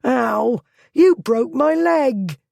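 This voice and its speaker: Narrator voicing a grubby male thief, shrill, strained, shrieking in panic, audiobook character. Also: very animated, unhurried, gravelly, mellow, dry recording, studio quality, exaggerated voice. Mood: panicked shrieking. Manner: screaming protests.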